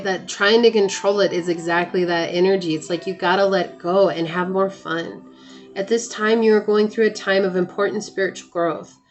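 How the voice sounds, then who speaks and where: A woman giving a tarot reading to her viewers, reading card texts aloud and offering gentle, encouraging advice. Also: on the low side. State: hiccuping. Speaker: tarot reader.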